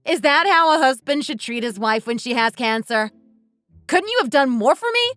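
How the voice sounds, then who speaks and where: A woman's voice: high-pitched, lively intonation, normal speed, a bit bright, dry recording, faint music behind. A woman voicing a resentful wife fed up with her husband, speaking in a bitter, accusing way. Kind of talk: scripted dialogue drama.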